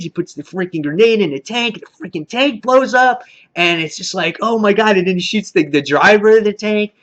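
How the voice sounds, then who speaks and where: A man reviewing a TV episode in a casual, excitable recap, full of fillers and mild swearing. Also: sits high, muffled recording. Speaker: TV show reviewer.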